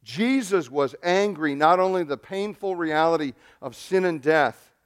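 A male pastor preaching a sermon, moving between loud emphatic declarations and soft, near-whispered passages as he retells a scripture story. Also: on the high side, expressive, a little slow.

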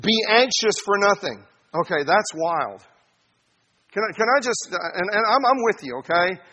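High bright-voiced man preaching. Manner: animated preaching, swings from soft asides to loud bursts. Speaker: pastor. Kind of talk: sermon.

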